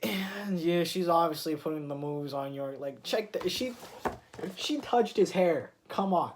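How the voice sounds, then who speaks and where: A man's voice: a little high, expressive, a little slow, slight background noise. A man casually recapping a comic issue, rambling with many fillers and restarts as he retells scenes. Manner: retells scenes with quoted lines. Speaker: comic book reviewer.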